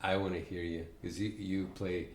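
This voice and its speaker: A man's voice: low voice, fairly even intonation, moderate pace, roomy sound. A man hosting an interview, prompting his guest with short questions and encouraging remarks.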